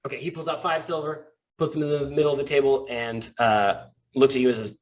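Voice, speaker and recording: A man's voice: medium pitch, fairly even intonation, quick pace, hardly any pauses. A man narrating a tabletop game as game master in a loose, rambling way, with many fillers.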